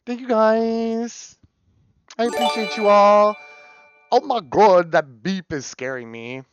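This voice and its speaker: A man chatting on a live stream, excitable, swearing and repeating words in quick runs. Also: high-pitched, music in the background. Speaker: variety streamer. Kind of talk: casual live stream chat. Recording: dull lo-fi stream audio.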